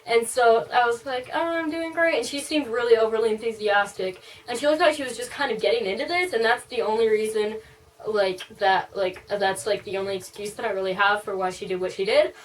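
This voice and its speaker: A woman's voice: fairly high pitch, fairly quick, recorded from a distance, low-quality recording. A young adult woman telling a casual storytime, rambling with lots of "like" and "um". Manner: rambling, full of "like" and "um". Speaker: vlogger.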